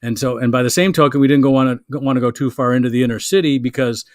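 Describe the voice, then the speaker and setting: Male comic, halting anecdotal chat, mid-pitched voice, dry room. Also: fairly even intonation, no echo. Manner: rambling, halting anecdote telling with many restarts. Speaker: comedian. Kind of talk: casual chat.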